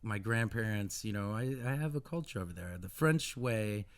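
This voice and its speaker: American guy, middle-aged, lowish voice, stumbles and restarts a lot, radio guest chat. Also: clear, resonant tone. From United States. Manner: halting, many restarts, animated asides. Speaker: musician guest. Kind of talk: casual radio interview.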